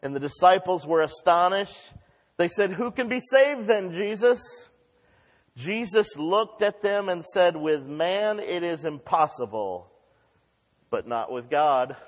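Preacher, male, high voice, fervent sermon delivery, hushed to shouted, big reverberant church. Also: animated, unhurried. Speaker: pastor. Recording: long reverb of a large hall.

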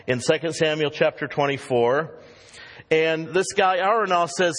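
A man preaching a sermon as pastor, emphatic and animated, acting out the voices he quotes. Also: fairly high pitch, moderate pace. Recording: long reverb of a hall.

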